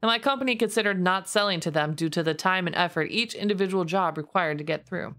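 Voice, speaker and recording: Over soft background music, a woman streamer reads posts aloud, deliberately dropping into a lower, steady voice. She laughs often as she goes.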